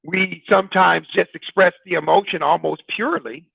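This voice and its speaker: Male broadcast host, husky high voice, chatty with questions to listeners, dry phone-quality sound. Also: steady tone, moderate pace, no echo. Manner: conversational, poses rhetorical questions to listeners. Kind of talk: informal broadcast talk.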